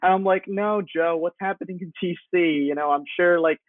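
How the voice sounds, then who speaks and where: A man's voice: sits high, steady tone, a little fast, dry recording. A young man chatting casually, a laid-back storyteller who acts out what people said. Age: young adult. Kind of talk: casual chat. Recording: tinny phone-like call audio.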